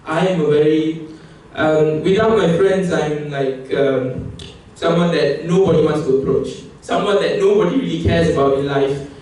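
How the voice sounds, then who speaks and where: A young man giving a humorous, emphatic competition speech, at times climbing into excited outbursts. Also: on the high side. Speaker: public speaking contestant. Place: competition hall. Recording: echoey hall from far off.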